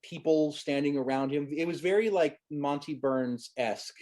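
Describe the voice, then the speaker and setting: Speaking at a normal pace with a slightly high, slightly mellow voice, a thirtysomething guest recalls his years as a child actor. The interview is casual storytelling, and he's rambling and amused, restarting often.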